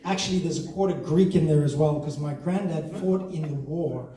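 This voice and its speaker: Onstage in a theatre before a live audience, a comedian from South Africa does a stand-up set at a moderate pace, with a dark tone and a voice slightly high for a man. He's loose, mocks himself, and laughs at his own jokes. The recording is echoey, captured from a distance in the hall.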